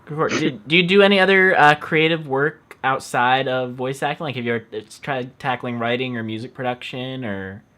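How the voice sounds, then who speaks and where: A man's voice: medium pitch, fairly quick, hardly any pauses, sharp tone. A man in the middle of his range hosts a casual online interview. He is friendly and talkative, reads out viewer questions and shares his own asides. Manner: friendly, chatty, laughs easily. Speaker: interview host.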